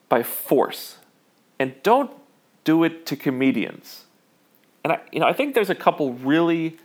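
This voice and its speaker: Slow, measured man giving opinions. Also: a little high. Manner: measured, emphatic, frequent "you know". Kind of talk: spoken opinion monologue.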